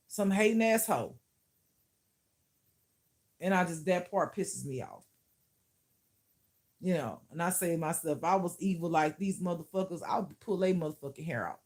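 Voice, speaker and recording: A woman's voice: low-pitched, moderate pace, a little mellow. A woman who teaches spirituality, talking to camera in a casual vlog, blunt and profane, often laughing.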